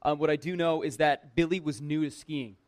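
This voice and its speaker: A man who works at a church tells a personal anecdote in a lively, conversational way, full of "like" and self-mocking humor. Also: fairly high pitch, a little fast. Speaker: church worker telling a personal story. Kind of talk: casual personal storytelling.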